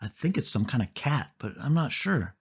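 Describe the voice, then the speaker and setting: A man's voice: medium pitch, sing-song, normal speed, husky, full character voice. A man voicing a bossy, teasing young girl cousin in a pushy, sing-song way in a storybook reading. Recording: dull lo-fi audio.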